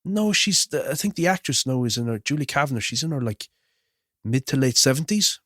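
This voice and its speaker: A man co-hosting a podcast, chatting casually with teasing quick quips. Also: medium pitch, expressive, a bit bright, dry recording, clean studio sound. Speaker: podcast co-host. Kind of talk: casual chat.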